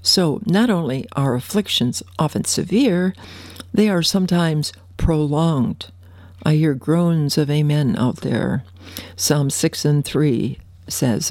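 A woman preaching a radio sermon, fervent and affectionate, reading scripture slowly. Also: low voice, a little mellow, dry recording.

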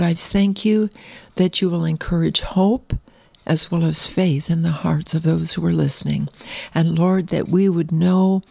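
A woman's voice: fairly low pitch, creaky, mellow, dry recording. A woman preacher praying fervently over her listeners and then teaching a sermon, earnest and direct. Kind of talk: prayer and sermon.

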